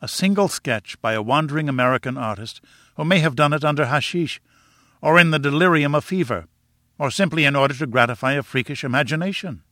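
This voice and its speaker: A man reading a novel aloud as an audiobook narrator, in a measured, even storytelling manner. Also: a little high, dry recording, clean studio sound. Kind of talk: scripted narration.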